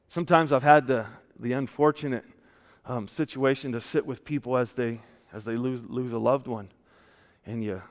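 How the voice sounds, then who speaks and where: A man preaching a casual, story-filled sermon, often dropping to a soft hushed tone. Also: mid-range voice, moderate pace. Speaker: pastor. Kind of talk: conversational sermon with stories. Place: church. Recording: long church hall reverb.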